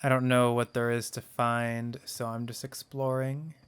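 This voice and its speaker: A man's voice: medium pitch, level tone, unhurried, clean tone. A man giving casual gameplay commentary as a let's play host, chatty and wondering aloud.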